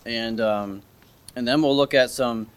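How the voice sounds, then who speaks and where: Man preaching a relaxed, hesitant sermon. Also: mid-range voice, a little slow, clear, resonant tone. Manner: conversational, hesitant, frequent restarts and fillers; asks the congregation questions. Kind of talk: informal sermon with story. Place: church service.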